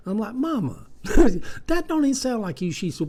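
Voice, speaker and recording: A man's voice: sits high, big pitch swings, normal speed, a little mellow. A man, telling stories in a rambling, folksy way with many fillers. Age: 70s. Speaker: vlogger. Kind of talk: casual monologue.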